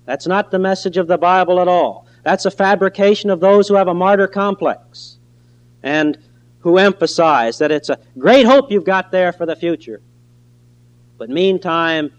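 A man preaching a sermon in an earnest, emphatic way, slowing down on key phrases. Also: high voice, low-quality recording.

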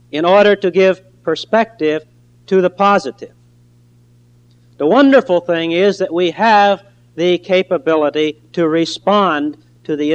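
In lo-fi audio, a man with a fairly high voice preaches earnestly and emphatically, slowing down on key phrases.

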